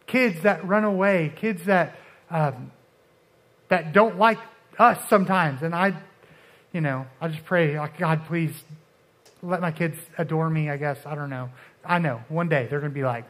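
A young man with a notably high voice gives a relaxed, conversational sermon. He stops and restarts often, fills gaps with "um" and "like", and slips into quick acted-out lines for the Bible figures in his story. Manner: conversational, halting, many restarts and fillers. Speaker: preacher. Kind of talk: casual sermon.

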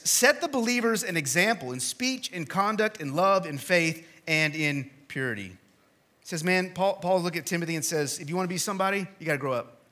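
A man in his thirties preaches with a high, bright voice. His delivery is casual and chatty, swinging from energetic emphasis to quiet, intimate asides. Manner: conversational, swings from loud to hushed. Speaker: pastor. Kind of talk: sermon.

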